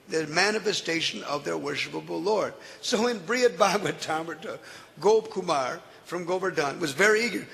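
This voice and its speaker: A man teaching from scripture and telling stories in an animated way, often laughing as he explains. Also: high voice, gravelly. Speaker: spiritual teacher. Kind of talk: scripture lecture with storytelling. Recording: echoey hall.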